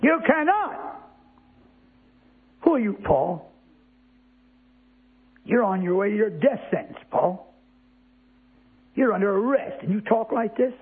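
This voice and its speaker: A male preacher with a high, lively voice gives an emphatic sermon at a slightly slow pace, pausing often. He repeats words for stress and keeps putting rhetorical questions to the congregation, all heard through tinny, lo-fi, phone-like audio.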